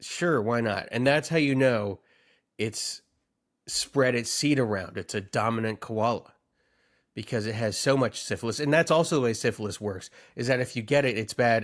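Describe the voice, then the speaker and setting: A man's voice: medium pitch, normal speed. A man co-hosting a comedy podcast, riffing and joking in casual chat. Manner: joking, animated riffing with bursts of laughter. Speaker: podcast co-host.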